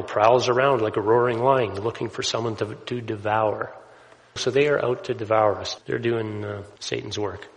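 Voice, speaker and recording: A man delivers a sermon in an easygoing, explanatory voice at an ordinary pitch, often pausing to ask "right?" His words carry a long reverb, as if he is speaking in a large church hall. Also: a bit bright. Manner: conversational preaching with frequent "right?" asides. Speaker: pastor.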